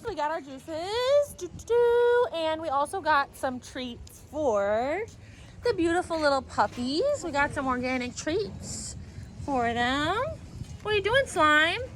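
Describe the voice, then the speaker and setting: Woman vlog host, high voice, slow unhurried delivery, upbeat, coos baby talk at dogs. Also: big pitch swings, a bit bright, soft background music. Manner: upbeat, addresses viewers directly. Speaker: animal channel host. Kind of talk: casual vlog chat.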